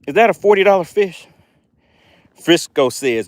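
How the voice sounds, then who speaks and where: An excitable man hosts a live fishing stream from a boat outdoors. He hypes every catch and reads chat messages aloud in a slightly high voice, picked up by a phone or camera mic. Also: moderate pace, dry recording, studio quality. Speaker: fishing livestream host.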